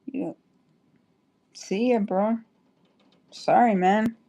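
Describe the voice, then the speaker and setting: A woman's voice: medium pitch, normal speed, a little mellow. A woman chatting on a livestream, rambling and apologetic, stopping and restarting her sentences. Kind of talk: casual livestream chat.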